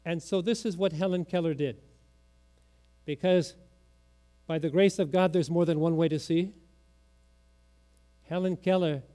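A man preaching a sermon in a church, telling a story slowly and dramatically, sometimes dropping to a hush. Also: fairly high pitch. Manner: slow dramatic storytelling, drops to a hush at the end.

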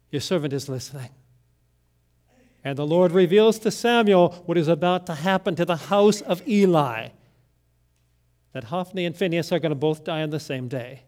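A man pastor preaching a sermon, deliberate, swinging between loud emphasis and hushed lines. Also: on the high side.

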